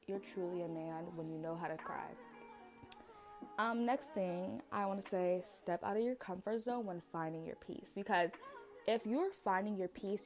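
Young female podcast host, low-pitched, blunt, casual, faint music underneath. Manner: chatty, blunt, many fillers. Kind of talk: casual solo podcast talk.

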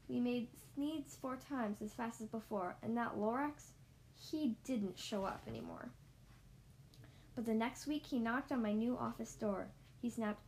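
A woman reading a rhyming storybook aloud, rhythmic and sing-song, slowing down for emphasis. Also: a little high, darkish tone, a little hiss or hum, rough recording. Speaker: storybook reader.

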